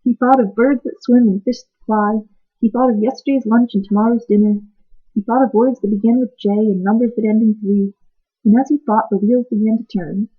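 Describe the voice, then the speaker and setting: Husky woman reading a storybook. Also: on the high side, steady tone, fairly quick. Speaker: reader. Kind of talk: reading a children's book aloud. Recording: tinny phone-like sound.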